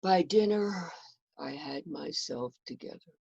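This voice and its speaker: A woman's voice: low voice, expressive, measured pace, creaky, darkish tone, breathy edge, dry recording. A woman telling a historical story in the first person, with dramatic, emotional delivery. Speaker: historical portrayer. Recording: dull lo-fi recording.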